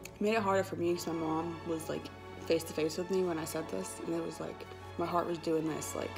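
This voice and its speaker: A woman's voice: lowish voice, fairly even intonation, a little fast, creaky, over music. A woman, telling a personal story in a casual, chatty vlog with lots of quoted dialogue. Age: 20s. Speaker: vlogger.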